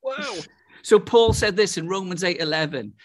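A man's voice: high-pitched, fairly quick. Exuberant Welsh preacher man. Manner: exuberant, breaks into laughter and exclamations. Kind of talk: charismatic sermon.

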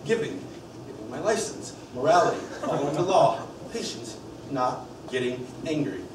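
A man's voice: a little high, big pitch swings, moderate pace. An actor playing a wry young male campaign staffer who jokes and laughs often, on a stage. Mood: quiet, earnest. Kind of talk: stage play acting with direct address to the audience. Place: theater stage. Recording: echoey stage, from far off, with hiss.

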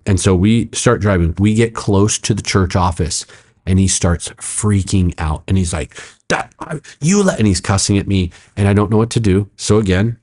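A middle-aged pastor with a fairly low voice tells a story in conversation. He narrates in quick, emphatic bursts full of "like" and "I'm like." He acts out the quoted lines, jumping sharply up in pitch. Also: a little mellow. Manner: acts out quoted speech with sudden jumps in pitch. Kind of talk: animated storytelling in a podcast conversation.

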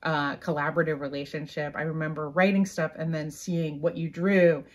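A woman author chatting casually, grateful and quick to laugh. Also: low-pitched, level tone. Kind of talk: casual chat.

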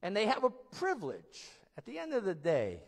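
A man acting out a loving, jolly older nun who teaches a class, speaking in a gentle, coaxing way. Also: sits high, wildly swooping pitch, moderate pace, creaky, long reverb tail, heavily acted. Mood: loving, encouraging.

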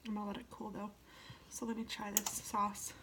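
Woman cooking vlogger, mid pitch, casual chat over loud kitchen noise. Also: monotone, moderate pace. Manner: chatty, talks to viewers while cooking, hums. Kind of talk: casual cooking vlog narration. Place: home kitchen.

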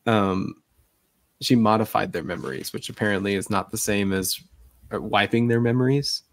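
A deep-voiced man with a gravelly, creaky edge co-hosts a casual podcast. His sound is close and dry, with no room around it. He chats loosely and drops wry, sarcastic asides. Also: normal speed, dry recording. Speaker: podcast co-host. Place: remote call.

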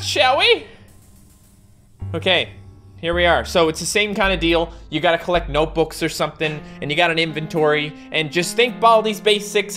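A man doing jokey, excitable commentary while playing a video game, laughing often. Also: on the high side. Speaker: gaming YouTuber. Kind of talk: let's-play commentary.

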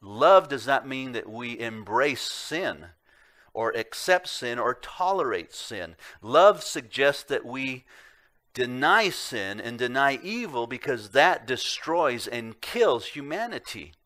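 A man preaching a sermon as pastor, earnest and emphatic, asking the congregation rhetorical questions and swinging between loud emphasis and quiet low remarks. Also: big pitch swings, slow. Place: church sanctuary.

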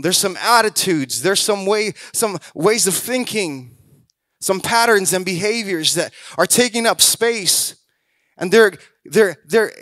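High-voiced pastor preaching with rising fervor. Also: male voice, no echo, studio quality. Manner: preacher who acts out quoted voices and builds to loud exhortations. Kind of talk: sermon.

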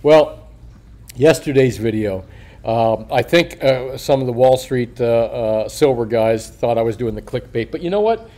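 A man's voice: mid-range voice, expressive, unhurried, warm tone. An older man, a coin shop owner, talking casually on a video in a rambling, profane way, chuckling and slurring a little through a missing front tooth.

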